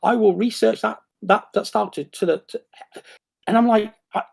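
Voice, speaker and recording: A man in casual chat, excitable and rambling, with many restarts and bursts of acted-out quotes. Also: high-pitched, normal speed, creaky, breathy edge.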